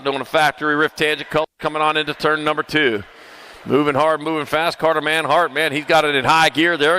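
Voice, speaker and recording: A man announces live at an outdoor racetrack, his voice bright and forceful and pitched a little high. He reels off riders' names in quick lists and tosses in playful asides. A faint outdoor hum sits behind him. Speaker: race announcer. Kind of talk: live race commentary.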